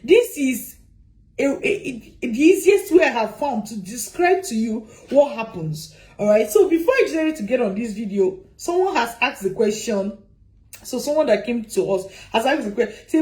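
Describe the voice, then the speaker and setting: Woman, consultant giving advice, lively swooping pitch, mellow dark tone, rhetorical questions. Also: moderate pace, rough recording. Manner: animated, repeats points, asks rhetorical questions. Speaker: migration consultant. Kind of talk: advice talk to camera.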